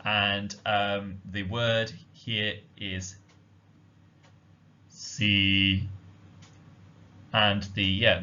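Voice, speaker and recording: A man giving a slide-based language lesson, explaining slowly and carefully with frequent ums. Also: lowish voice, sharp tone. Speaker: language teacher. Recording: dull lo-fi audio.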